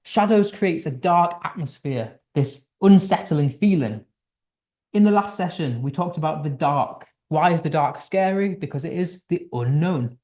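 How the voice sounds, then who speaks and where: A man's voice: a little high, expressive, unhurried, a little mellow. A young British man teaching an English lesson. He explains patiently, repeats his points and keeps checking that his listener understands. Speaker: English tutor.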